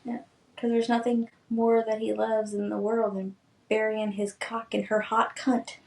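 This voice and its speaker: A woman co-hosting a podcast, chatting casually and bluntly about a book she has read, with crude, animated retellings of its scenes. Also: fairly high pitch, measured pace, vocal fry, reverberant, far from the mic. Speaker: podcast co-host. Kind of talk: casual book-review chat.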